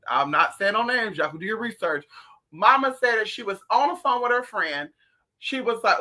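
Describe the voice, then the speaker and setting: Livestream host, animated and profane, storytelling casually to viewers. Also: mid-range voice, brisk. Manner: talks straight to viewers.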